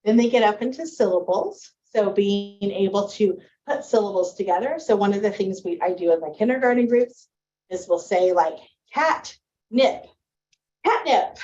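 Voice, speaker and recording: A woman's voice: mid-range voice, normal speed, mellow, dull audio. A woman teacher giving a presentation to parents on early reading, explaining with friendly spoken examples.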